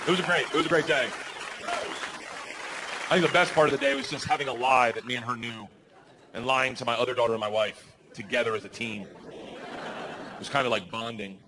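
A man doing a stand-up comedy set on stage, telling stories loudly with swearing and acted-out voices. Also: mid-range voice, fairly quick, pauses often, a crowd in the background. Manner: loud, animated storytelling with swearing and acted-out voices. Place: comedy stage before a live audience. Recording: live audience noise in the background.

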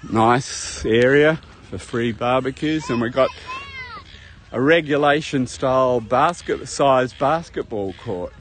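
A man's voice: medium pitch, slow, a little hiss or hum. A man rambling through a casual walking tour of a beach park, talking to viewers as he goes. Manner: chatty, rambling, addresses viewers as folks. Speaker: travel vlogger. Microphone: handheld camera while walking.

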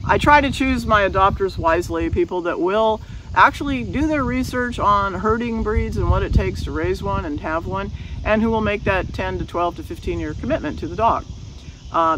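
Woman dog breeder, casual talk to camera, mid pitch, firm and repetitive, rural outdoor sound. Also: fairly bright tone, recorded from a distance, a little hiss or hum, rough recording. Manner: firm, matter-of-fact, repeats points for emphasis.

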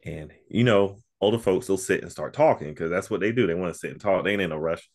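Male podcast guest with a very low voice, easygoing storyteller, casual. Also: fast, darkish tone. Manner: laid-back storyteller, laughs often. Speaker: podcast guest and co-host of another podcast. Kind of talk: casual interview chat.

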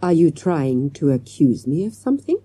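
A woman's voice: low-pitched, sing-song, moderate pace, dark tone, breathy edge, dry recording, exaggerated voice. Woman reading a menacing foreign villainess. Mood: coy challenge. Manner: stilted foreign word order, mock-polite threats. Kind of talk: audiobook character voice.

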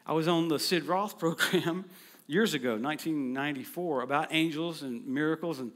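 Male preacher, middle-aged, lively storytelling sermon, slightly higher voice, loud acted-out quotes. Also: moderate pace. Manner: storytelling, animated, acts out quotes loudly. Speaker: traveling preacher.

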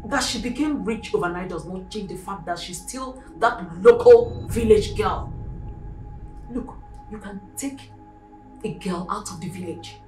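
A woman's voice: medium pitch, natural voice. An actress with a Nigerian accent playing a stern, middle-aged wealthy mother who scolds the former maid in her house. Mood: lecturing. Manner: scolding, imperious. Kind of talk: Nollywood film acting.

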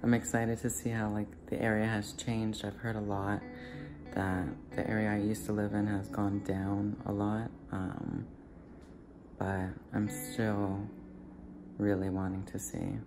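A man's voice: lowish voice, monotone, a little slow, music in the background. A young man from Florida vlogging casually while driving past old haunts, gushing and nostalgic, repeating himself. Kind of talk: casual vlog, driving tour. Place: car.

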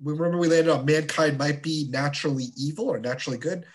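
Man, confirmation class teacher, casual and chatty, slightly high voice, playful asides to teens. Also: quick pace. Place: church.

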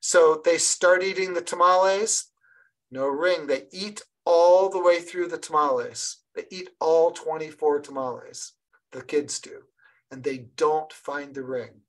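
A woman runs an online workshop for early childhood teachers. She speaks over a video call in a slightly low voice, lively and encouraging. She often trips into restarts as she talks. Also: measured pace, low-quality recording. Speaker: early childhood literacy trainer. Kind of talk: online professional development session.

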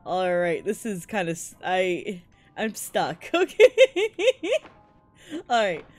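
A woman's voice: fairly low pitch, takes it slowly, dry recording, faint music behind. A woman streaming a game live, chatting jokily and laughing often, easily spooked into yelps. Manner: excitable, jokey, laughs often. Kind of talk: live gameplay commentary.

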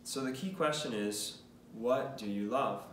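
A man's voice: mid-range voice, unhurried, fairly bright tone, slight background noise. A man, a priest, teaching a lesson in an earnest, casual way, asking the listener questions. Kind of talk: conversational teaching talk. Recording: roomy, mic at a distance.

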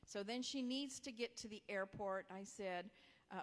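A woman's voice: mid-range voice, fairly even intonation, a little slow. Woman pastor telling a story. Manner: conversational, with soft whispered emphasis. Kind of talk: storytelling sermon. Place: church sanctuary. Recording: long hall reverb.

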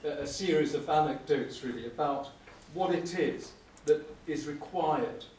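A man's voice: fairly high pitch, a little mellow. Wry middle-aged man lecturing in an echoey hall. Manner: wry, anecdotal, with frequent "uh" pauses. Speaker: prosecuting barrister. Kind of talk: conference lecture. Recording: echoey room, speaker far from mic, faint hum.

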